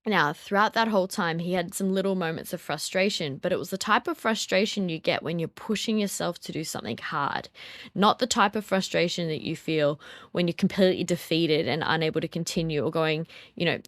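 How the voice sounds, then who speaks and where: A woman in her thirties speaks in a lowish, even voice, patiently working through a parenting point with plenty of ums. The sound is close and dry, with no room around it. She talks like a mother sharing what she has learned. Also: fairly quick, dry recording. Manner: thoughtful, explains step by step with frequent ums. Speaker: podcast co-host and mother of a toddler. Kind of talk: reflective parenting talk.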